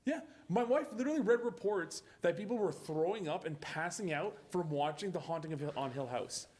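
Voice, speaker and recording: A man's voice: high-pitched, expressive, brisk, a little mellow. A young man hosting a casual podcast chat, ranting, swearing a lot and mimicking people. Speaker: podcast host.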